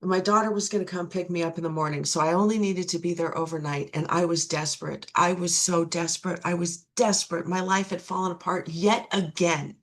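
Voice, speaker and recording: Low-voiced woman telling her recovery story. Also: steady tone, fairly quick, hardly any pauses. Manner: earnest, repeats key phrases for emphasis. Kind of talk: personal recovery testimony.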